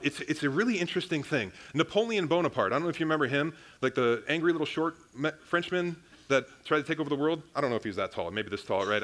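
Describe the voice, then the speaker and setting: A man's voice: on the high side, fairly bright tone. Casual young man preaching a sermon. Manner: casual and conversational, with frequent restarts and "guys". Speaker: pastor.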